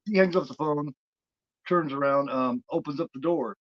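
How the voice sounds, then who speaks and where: A man's voice: a little high, normal speed, no echo. Rambling man retelling a film, lo-fi. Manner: rambling, full of fillers and restarts. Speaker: podcast co-host. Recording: dull dry lo-fi recording.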